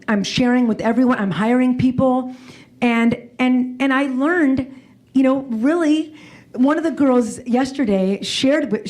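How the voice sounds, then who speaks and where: A woman's voice: fairly high pitch, darkish tone. A woman in her forties giving a personal, emotional talk to an audience, often restarting and repeating her words. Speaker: keynote speaker. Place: event hall before an audience.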